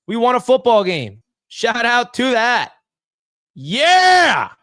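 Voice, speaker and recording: Man, fan watch-party host, excitable, shouty, smooth crisp voice, dry close mic. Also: very high-pitched, unhurried, no room sound. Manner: excitable, shouts big plays, hypes the chat. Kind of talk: live play-by-play fan reaction.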